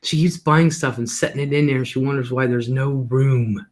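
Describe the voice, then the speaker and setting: A man's voice: medium pitch, fairly even intonation, normal speed. Chatty middle-aged man rambling on. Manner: chatty and rambling, laughs often, swears casually. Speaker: livestream host. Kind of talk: casual livestream chat.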